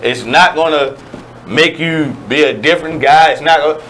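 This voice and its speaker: A man telling a story during a casual radio talk show, in an animated, conversational way. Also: fairly high pitch, moderate pace, slight background noise, poor audio.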